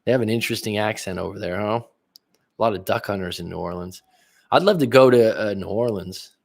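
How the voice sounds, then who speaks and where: Casual low-voiced male livestream coach. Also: fairly quick, vocal fry, a little mellow. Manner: casual, rambling, many restarts, answers chat aloud. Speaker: relationship coach. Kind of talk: livestream chat reading viewer comments. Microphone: livestream webcam.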